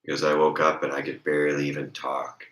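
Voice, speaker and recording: A hoarse, congested man with a raspy voice, rambling and joking in a casual chat as a streamer. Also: a bass voice, little pitch movement, fast talker, fairly bright tone, roomy sound.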